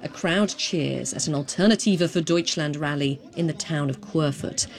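A woman news reporter giving a scripted report with a clear, measured delivery. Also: sits low, very noisy.

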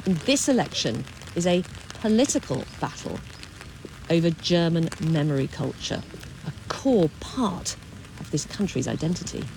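A woman reporter delivering a scripted news report in a clear, measured way. Her voice sits low for a woman and moves with lively intonation. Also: a little hiss or hum.

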